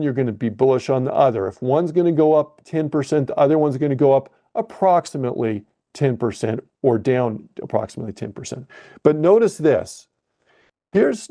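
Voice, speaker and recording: Man, trading coach, live screen-share lesson, mellow dark voice, casual fillers and self-corrections. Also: mid-range voice, expressive, normal speed. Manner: thinks aloud while clicking through software, with fillers and self-corrections.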